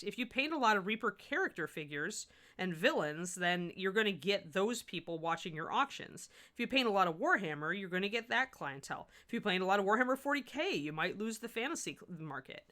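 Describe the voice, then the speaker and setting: In a painting tutorial livestream, a woman from the American Midwest talks to viewers and answers chat while she paints miniatures. Her medium-pitched voice is animated and sharp, fairly quick, and she tends to restart sentences.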